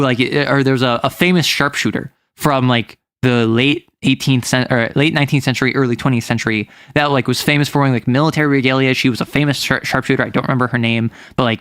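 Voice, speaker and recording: A man's voice: mid-range voice, a bit bright, no echo, studio quality. A man chatting casually as a game master, rambling and self-correcting, with lots of "like" as filler. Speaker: game master recounting a campaign. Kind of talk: casual chat.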